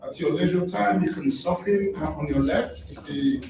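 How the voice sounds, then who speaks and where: A man's voice: on the high side, moderate pace, distant mic, close to an everyday voice. A man playing a cheerful male hotel greeter who keeps repeating his welcomes. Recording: echoey with loud background noise.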